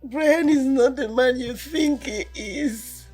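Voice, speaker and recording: An actress playing a heartbroken young daughter who cries and pleads, with a Nigerian English accent. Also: female voice, high voice, takes it slowly, a little mellow, slightly rough, faint music behind, exaggerated voice. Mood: tearful. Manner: tearful, insistent. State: crying. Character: heartbroken young daughter crying for her lover.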